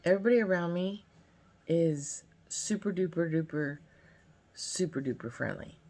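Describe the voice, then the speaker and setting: A woman in her fifties from California spins a casual story time. Her voice sits low with a gravelly edge. She rambles in a friendly, chatty way and leans on fillers. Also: lively intonation, moderate pace, a little mellow. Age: 50s. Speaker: vlogger.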